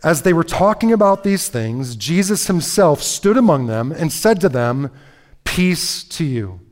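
A man preaching a sermon in a lively, conversational way, reading scripture and breaking into casual asides with frequent "right?" and "okay?". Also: on the high side, unhurried. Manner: reads scripture aloud, then comments in asides. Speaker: pastor.

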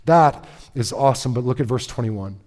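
A pastor with a mid-range voice and moderate pace preaches in a lively, conversational way. He reads scripture aloud, then breaks into casual asides, often adding "right?" and "okay?".

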